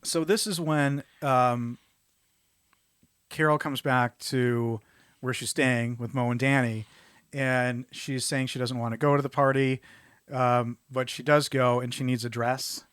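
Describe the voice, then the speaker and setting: A man's voice: mid-range voice, clear, resonant tone, dry recording. Male podcast co-host, mid-range voice, chatty, acts out lines in passing, dry close sound. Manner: animated, acts out characters' lines in quick impressions. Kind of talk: casual film discussion.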